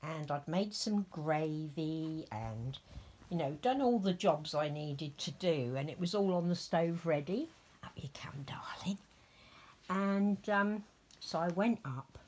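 A middle-aged woman with a low, husky voice tells a long, rambling story at an unhurried pace. She chats casually, now and then dropping into soft whispered asides. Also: expressive. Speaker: vlogger dressing a reborn doll. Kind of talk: casual storytelling while dressing a doll.

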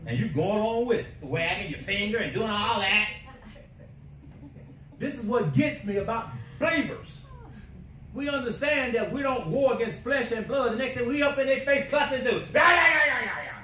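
A man preaching a sermon, emphatic, swinging between quiet asides and shouting. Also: very high voice, moderate pace. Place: church sanctuary. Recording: echoey church from a distance, faint hiss.

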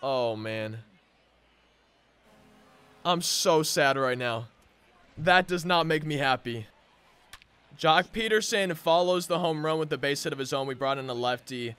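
A young man commentating his own baseball video game, swinging between frustrated groans and loud hype. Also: a little high, expressive, normal speed, clear, resonant tone. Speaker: gaming channel host. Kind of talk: live gameplay commentary.

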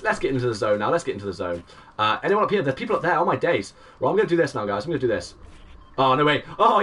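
Fast, lively streamer guy. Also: on the high side, far from the mic. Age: 20s. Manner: excitable play-by-play, greeting chat viewers. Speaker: game streamer. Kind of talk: live gameplay commentary.

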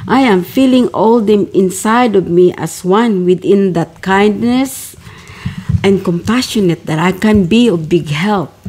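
A woman's voice: medium pitch, darkish tone, breathy edge. A woman telling a personal spiritual story in a fervent, repetitive way, calling her listeners beloveds. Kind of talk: personal testimony narration.

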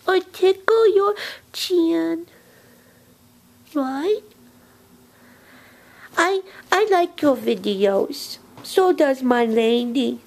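Woman playing a childlike under-the-bed monster friend, creepy comic monologue: high, unhurried, drifting whispers. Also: exaggerated voice. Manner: slow, dreamy, drifting into whispers.

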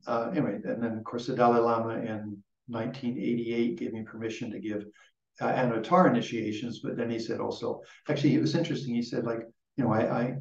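Older guy lama, gravelly voice, rambling dharma talk, dull echoey recording from across the room. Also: medium pitch, a little mellow, distant mic. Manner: rambling, with many restarts. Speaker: Buddhist lama and teacher.

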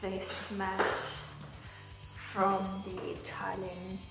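A woman's voice: mid-range voice, completely flat delivery, extremely slow, vocal fry, recorded from a distance. A woman vlogging her house renovation, talking anxiously and venting her frustration with frequent swearing. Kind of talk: casual vlog talk to camera. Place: house under renovation, indoors. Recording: very echoey empty room, from afar, with music.

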